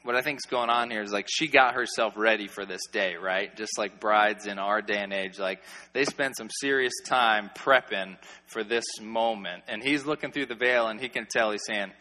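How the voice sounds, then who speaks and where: A man preaching a sermon to a group, teaching through Bible verses in a casual, animated, joking way with lots of conversational fillers. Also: lowish voice, normal speed, in a large hall. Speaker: pastor or youth preacher.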